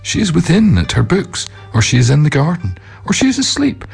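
A man's voice: on the high side, wildly swooping pitch, a little fast, vocal fry, slightly rough, soft background music, voice pushed up, heavily acted. Man doing a scornful, lying stepmother; raised, lilting, flippant; storybook villain. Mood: mocking. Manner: mocking, flippant.

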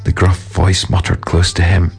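A man reading a ghost story aloud in a measured, grave scripted narration. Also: deep voice, completely flat delivery, creaky, slightly rough, faint music behind, poor audio.

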